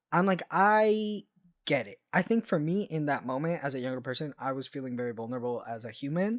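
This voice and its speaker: A man co-hosting a relaxed podcast conversation, talking with a slightly higher pitch than most men. His delivery is animated and expressive. He breaks into playful exclamations as he reacts to the topic. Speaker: podcast co-host. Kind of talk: casual chat.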